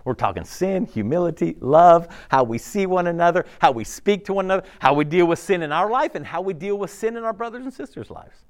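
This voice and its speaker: Animated preacher man. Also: high voice, brisk, few pauses. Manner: animated, conversational preaching with laughs and asides. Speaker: pastor. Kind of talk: sermon.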